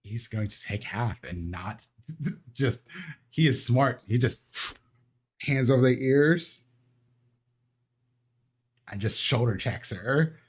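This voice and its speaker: A man running a tabletop role-playing game as game master, calmly describing actions and rolls. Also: medium pitch, slow pace, long pauses, breathy edge.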